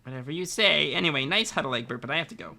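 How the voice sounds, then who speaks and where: A man's voice: on the high side, animated, rapid-fire, vocal fry, pushed and bright, full character voice. A man reading the part of a sarcastic young troll woman who teases dryly, in a fan read-aloud. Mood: teasing. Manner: dry, mocking, teasing.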